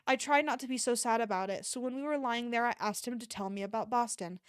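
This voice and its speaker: Woman reader, fairly high voice, dry close mic, casual novel reading with small stumbles. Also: quick pace, smooth, dry recording. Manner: reads in a low, quiet voice with occasional stumbles and restarts. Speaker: streamer reading a novel aloud. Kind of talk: casual read-aloud of a novel. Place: home streaming setup.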